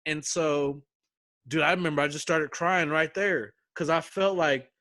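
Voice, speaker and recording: Young male guest, bright and lively, slangy storyteller, dry close recording. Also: on the high side, unhurried, no echo. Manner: animated, acts out quotes with slang and swearing. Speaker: guest telling a survival-show story. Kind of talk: casual storytelling chat.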